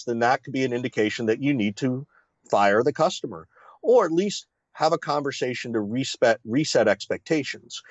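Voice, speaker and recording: A man's voice: medium pitch, no echo. A man, a sales consultant guest in an interview, explaining ideas in a confident, teacherly way with many fillers and rhetorical questions. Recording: slightly dull, lo-fi sound.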